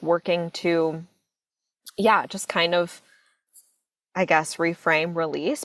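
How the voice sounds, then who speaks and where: A young woman on a podcast, thinking aloud in a hesitant, reflective way. Her voice sits fairly low, and the sound is dry and close with no room echo. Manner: reflective, hesitant, searching for words. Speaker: podcast co-host. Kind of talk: casual chat.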